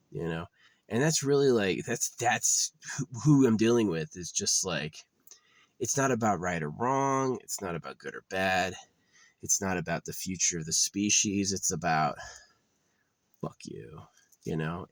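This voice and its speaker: A man's voice: low-pitched, no room sound. A man on a profane, agitated ranting monologue, often repeating himself. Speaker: vlogger.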